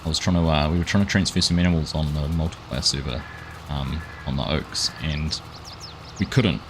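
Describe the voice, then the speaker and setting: A man's voice: extremely low pitch, steady tone, normal speed, noisy background. A man hosting a live farming game stream, chatting casually and greeting viewers by name in a friendly, upbeat way. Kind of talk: live gameplay commentary.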